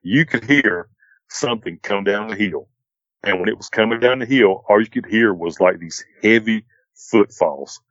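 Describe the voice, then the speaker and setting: Very deep middle-aged man telling a rambling story, dull dry recording. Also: moderate pace, no room sound. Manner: rambling, repeats "he said" and "I said". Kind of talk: casual spoken retelling of a strange encounter.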